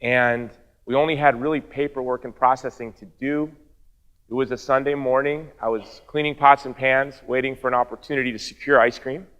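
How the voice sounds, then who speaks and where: A middle-aged man speaks to an audience, giving a heartfelt personal testimony at a mid-range pitch. He tells the story earnestly and slips in wry, dry asides along the way. The recording is slightly dull and lo-fi. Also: fairly even intonation, brisk, fairly bright tone, clear, resonant tone, in a large hall.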